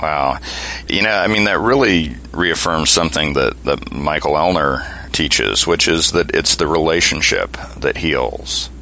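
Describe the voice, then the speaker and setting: Man hosting a chat, super deep but sharp voice, muffled sound. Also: expressive, unhurried, a little hiss or hum. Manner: affirming, reflective interviewer. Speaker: podcast host. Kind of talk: interview chat.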